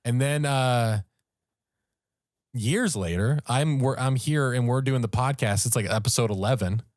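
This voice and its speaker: A man, a podcast co-host, telling a story in casual, animated talk and raising his voice at the tense moments. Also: mid-range voice, unhurried, no room sound, studio quality. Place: podcast studio.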